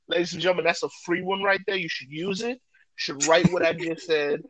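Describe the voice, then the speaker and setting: A man co-hosting a podcast, talking loudly and joking in a casual, animated way. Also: fairly high pitch, normal speed, no room sound, muffled recording. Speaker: podcast co-host.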